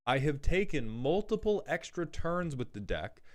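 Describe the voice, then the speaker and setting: A man's voice: on the high side, big pitch swings. Joking man reviewing card decks. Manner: joking, quick asides, self-deprecating. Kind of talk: casual joking commentary.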